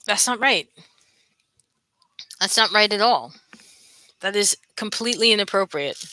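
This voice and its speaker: Bright-voiced New York woman. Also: medium pitch, expressive, unhurried. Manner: chatty, repeats herself, asks viewers questions. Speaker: livestream host. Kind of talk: casual live stream chat.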